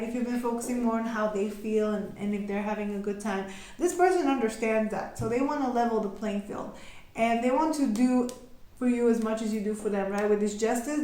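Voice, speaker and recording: A woman's voice: fairly high pitch, darkish tone, heavy reverb. A young woman giving a casual tarot reading, chatty and giggly, acting out little quoted voices. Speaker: tarot reader.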